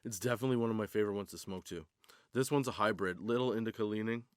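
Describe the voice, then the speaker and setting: A man's voice: lowish voice, rapid-fire, dry recording, clean studio sound. A man hosting a comedy podcast, rambling through a casual, profane stoner monologue. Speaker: podcast host. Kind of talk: comedic stand-up style monologue.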